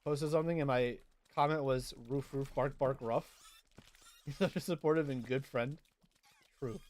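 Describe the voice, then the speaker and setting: A man's voice: medium pitch, measured pace, darkish tone. A young man casually chatting through a game livestream, reading out and answering viewer chat as he plays. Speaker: streamer.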